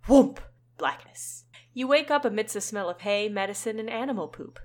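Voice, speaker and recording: A woman reads a choose-your-own-adventure book aloud, animated and wry, breaking off for quick comments. Her voice sits at a middling pitch. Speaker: co-host reading aloud. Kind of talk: comic book reading.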